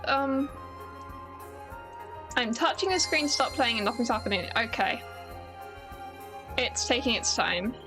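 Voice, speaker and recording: Chatty, self-mocking British streamer. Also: female voice, on the high side, expressive, measured pace, long pauses, music in the background. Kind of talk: casual gameplay commentary.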